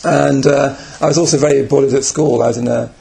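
Reflective man in his forties, gravelly edge, self-deprecating retreat storyteller. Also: medium pitch, steady tone, a little fast, mellow. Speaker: Buddhist speaker on retreat. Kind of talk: personal anecdote talk.

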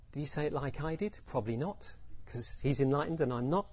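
A man's voice: a little high, animated, a little fast, a little mellow. A man, a Buddhist teacher, telling stories in a reflective talk, often posing questions to his listeners. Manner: reflective, poses rhetorical questions, acts out quotes. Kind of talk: Dharma talk with storytelling.

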